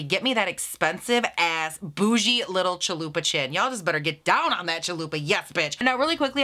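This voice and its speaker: A woman's voice: medium pitch, pushed and bright. A woman beauty vlogger reviewing makeup in a gushing, sassy, chatty way with frequent laughs and gasps.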